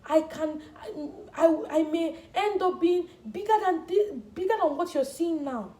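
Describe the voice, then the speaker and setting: A young woman speaks earnestly to camera, pressing her points and repeating words for emphasis. Her voice sits high. The room around her rings with echo. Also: unhurried, few pauses, dark tone. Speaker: vlogger. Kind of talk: personal talk to camera. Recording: echoey room.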